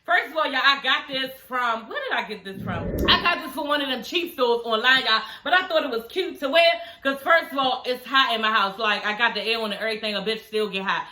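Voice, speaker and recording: A woman's voice: fairly high pitch, fairly quick, hardly any pauses, sharp tone, roomy sound, a little hiss or hum. A woman vlogger recapping a reality show from home in casual, slangy chat, laughing often, her speech slightly slurred by new dental aligners.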